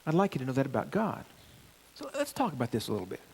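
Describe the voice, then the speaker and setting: A man's voice: medium pitch, fast talker, creaky, husky. A middle-aged male pastor preaching a sermon in church, pressing hard on key phrases and stepping through the verses to the congregation. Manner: animated preaching, rising emphasis on key phrases.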